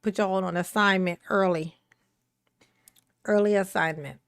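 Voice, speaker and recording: A woman's voice: mid-range voice, fairly even intonation, a little slow, gravelly, fairly bright tone, no echo, clean studio sound. A woman hosting a casual livestream, greeting viewers by name in a playful, sing-song manner. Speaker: livestream host.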